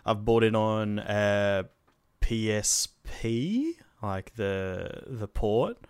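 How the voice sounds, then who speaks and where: A relaxed man chatting about games, his voice sitting fairly low. He rambles, restarts and drops casual swears. The sound is dry and close, with no room around it. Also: very slow, clean tone, dry recording. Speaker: podcast co-host.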